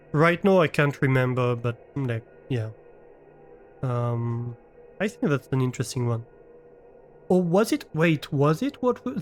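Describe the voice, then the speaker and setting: A man live-streaming a game from his room, chatting casually with viewers and thinking aloud as he plays. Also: a little high. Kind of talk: casual chat while playing a game. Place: his own room at home.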